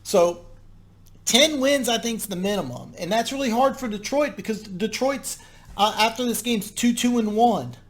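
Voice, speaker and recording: A man's voice: very high voice, moderate pace. A man hosting a casual solo football recap, emphatic and repetitive, with frequent restarts and filler words. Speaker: football commentary host.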